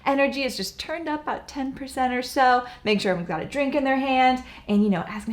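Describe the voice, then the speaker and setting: A woman's voice: high-pitched, quick pace, few pauses. Young woman coaching, bubbly and playful, laughs a lot, a bit echoey room. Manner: upbeat, playful, laughs often. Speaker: co-host, business coach. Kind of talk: casual coaching chat. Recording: roomy echo.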